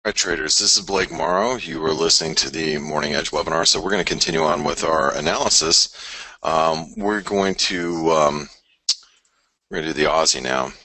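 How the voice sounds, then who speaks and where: A man's voice: extremely low pitch, normal speed, pushed and bright, no room sound. A man hosting a live forex trading webinar early in the morning, tired from waking before dawn, chatty and rambling with many fillers and repeated phrases. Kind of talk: live market analysis, casual and rambling.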